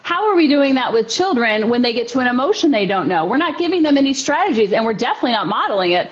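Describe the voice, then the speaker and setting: Woman, podcast host, very high voice, animated, storytelling, dull lo-fi sound. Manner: animated, storytelling, quick backchannels. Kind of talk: conversational interview.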